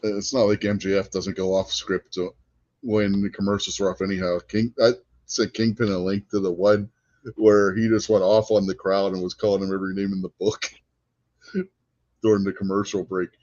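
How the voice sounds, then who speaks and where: A man with a lowish voice chats casually on a wrestling podcast, recounting stories with animated energy and frequent laughter. The sound is dry and dull, like lo-fi podcast audio. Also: moderate pace, no echo. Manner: animated storyteller, laughs often. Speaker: podcast co-host.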